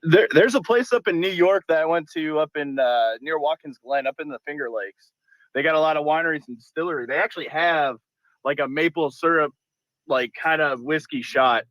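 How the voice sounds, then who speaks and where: Man, slightly high voice, easygoing meandering recollection, dry sound. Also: brisk, a bit bright, no echo, rough recording. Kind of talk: casual chat.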